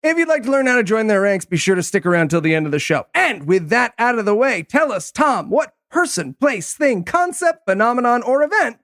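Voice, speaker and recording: A man hosting a comedy podcast, reading gag announcements in a teasing, deadpan way. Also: very high voice, brisk, few pauses, no echo, clean studio sound. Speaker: podcast host.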